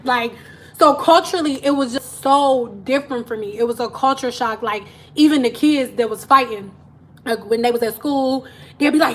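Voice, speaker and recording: A woman with a Detroit accent chats to her live-stream viewers in a high voice, telling a story with plenty of laughter. She jumps into the voices of the people she quotes and keeps the tone loose and animated. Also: moderate pace.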